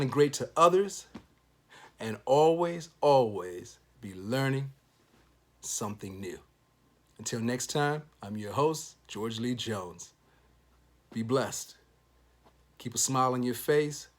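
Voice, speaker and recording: A man with a husky, slightly rough voice hosts a motivational talk show. He speaks in an upbeat, encouraging way and closes his thoughts like a preacher offering blessings. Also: fairly low pitch. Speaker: show host.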